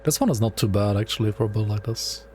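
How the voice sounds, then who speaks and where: A man's voice: fairly low pitch, fast talker, a little mellow. A man with a German accent, lightly touched by Swedish, chatting casually while playing a game, full of fillers and "right?". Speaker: gaming streamer. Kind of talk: casual gameplay commentary.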